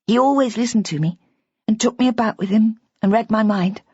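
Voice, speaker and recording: A woman reader voices a devoted young bride, raised high above her own register, husky and raw. She bristles at every challenge and speaks with a catch of tears. The audiobook recording is dry and slightly muffled. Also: brisk, a little mellow, no echo. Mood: adoring. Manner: high, emotional and indignant, voice breaking at times. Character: tearful, defiant young wife, passionately devoted. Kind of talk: audiobook character voice.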